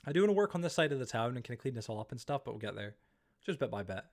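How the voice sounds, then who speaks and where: A man's voice: medium pitch, big pitch swings, rapid-fire. Chatty male streamer rambling while gaming. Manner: chatty, rambling, easily startled. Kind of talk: casual livestream chat while gaming.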